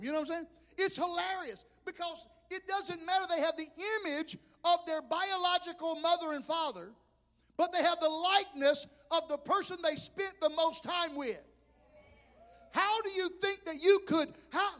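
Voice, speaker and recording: A man's voice: very high voice, moderate pace, fairly bright tone, in a large hall. A man preaching a sermon in a folksy, impassioned way, mixing humor into his message.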